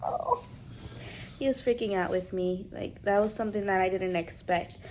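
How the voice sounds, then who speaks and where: A woman's voice: mid-range voice, normal speed, a little hiss or hum. A young woman vlogging at home, telling a personal story in casual chat and acting out what others said. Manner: animated, quotes others in playful voices.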